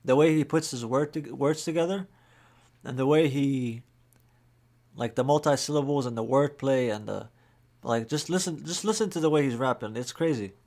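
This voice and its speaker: A man with a mid-range voice chats through his reactions in a relaxed, casual way. He fills his talk with "like" as he weighs each round. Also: medium pitch, normal speed. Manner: relaxed, chatty, many "like" fillers. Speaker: reaction channel host. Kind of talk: casual commentary.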